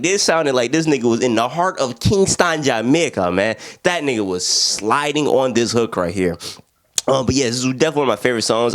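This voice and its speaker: A young man talks through an album in a loose, slangy way, his pitch leaping up and down as he gets excited. He laughs a lot and keeps breaking into quick voices for what others said. His voice sits a little higher than most men's. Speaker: music reviewer. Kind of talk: casual album review.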